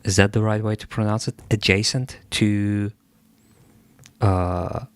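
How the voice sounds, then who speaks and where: A man hosting a livestream, thinking aloud in an unhurried way as he gives feedback on a listener's track. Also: fairly low pitch, fairly even intonation, dry recording. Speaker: music producer giving track feedback.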